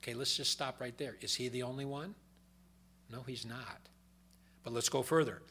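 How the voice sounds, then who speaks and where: A man preaching a sermon, reading scripture aloud with loud emphasis and dropping to quiet explanatory asides. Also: medium pitch, moderate pace, slightly rough.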